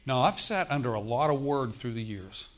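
A man's voice: mid-range voice, expressive, normal speed, a little hiss or hum. A man preaching a sermon, telling a personal testimony in a conversational way and often checking in with the congregation. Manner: conversational preaching, frequent "Okay?" check-ins.

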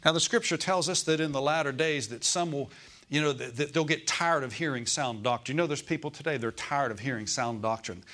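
A man's voice: medium pitch, a little fast, a bit bright. A middle-aged man preaching a sermon, repeating phrases for emphasis and asking his listeners for amens.

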